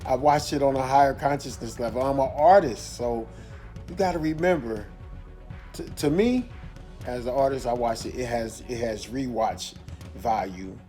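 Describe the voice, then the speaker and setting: A man of middle pitch talking through a movie review in a loose, rambling way. He circles back to the same points and restarts his sentences often. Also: moderate pace, mellow, soft background music. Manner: rambling, repeats himself, restarts a lot. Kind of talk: casual video review.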